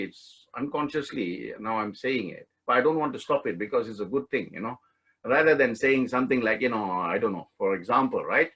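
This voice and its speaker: A man teaching an online spiritual study course, telling a story in a relaxed way and laughing often. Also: medium pitch, breathy edge, poor audio. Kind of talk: storytelling talk. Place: online class session.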